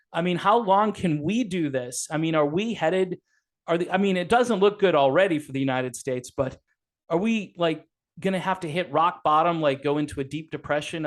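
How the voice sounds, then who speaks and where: Male podcast host, fairly high voice, animated, rambling, lots of fillers. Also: normal speed. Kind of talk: casual political talk.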